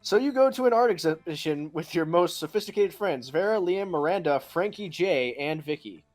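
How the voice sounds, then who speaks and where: A man reading a game's story text aloud in a relaxed chat with friends, swearing and joking between lines. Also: a little high, normal speed, soft background music. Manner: swears freely, laughs, plays at scolding. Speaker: game narrator reading event text.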